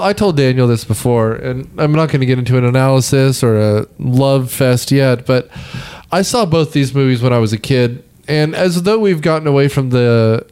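A man's voice: medium pitch, darkish tone, smooth. A man with a Midwestern accent hosting a casual movie podcast, rambling and joking with his co-hosts. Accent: Midwestern American. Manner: rambling, joking, self-deprecating. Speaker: podcast host. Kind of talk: casual movie-review chat.

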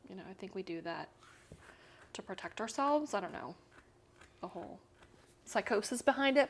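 A woman in her fifties from Central America tells her own story as an interview guest. Her voice sits at a middle pitch, and she talks in a loose, chatty way, with many fillers and small laughs. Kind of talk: casual personal storytelling.

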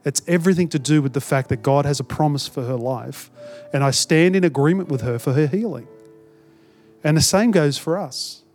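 A male pastor preaching in a fairly high voice, earnest and conversational. He retells a story and acts out both sides of the talk. Faint music plays softly underneath. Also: normal speed. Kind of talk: sermon with storytelling.

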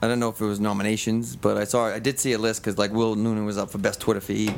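A man's voice: lowish voice, flat delivery, fast talker, gravelly. A man hosting a comedy radio talk show, talking loosely with restarts and jokey asides. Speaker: radio host. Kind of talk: casual comedy chat.

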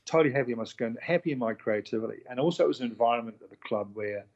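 Middle-aged chef telling candid stories. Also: male voice, medium pitch, very fast, dull audio. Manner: candid, animated storyteller, acts out quoted voices, swears. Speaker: chef and restaurant owner, guest. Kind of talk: casual conversational interview.

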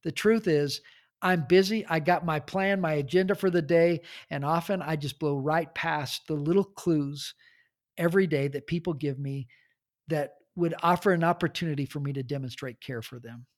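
A middle-aged man, a church leadership author, speaking in a podcast interview, earnest and telling stories with pauses. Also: fairly high pitch.

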